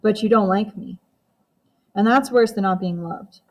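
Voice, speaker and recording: A woman's voice: medium pitch, unhurried. Therese, a woman reading as a meek young girl. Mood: hurt. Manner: meek, quiet.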